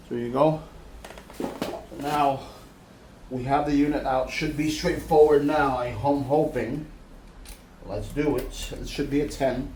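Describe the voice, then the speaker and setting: A DIY vlogger who grew up in the United States talks casually in a mid-range voice while walking through a scooter repair in a garage or yard. He rambles, chats, and corrects himself as he works on this how-to vlog, with a noisy background.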